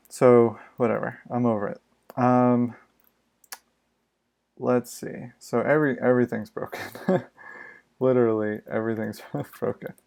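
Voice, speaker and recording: Slow, gravelly man coding live. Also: mid-range voice, a little mellow. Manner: exasperated, muttering to himself, swears freely. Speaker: streaming programmer. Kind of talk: live coding stream, casual thinking aloud.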